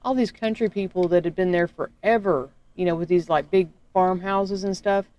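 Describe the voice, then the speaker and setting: Chatty woman with a smooth voice. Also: fairly low pitch, steady tone, normal speed, darkish tone, highs cut off. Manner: chatty, hesitant, easily corrected. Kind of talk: casual chat.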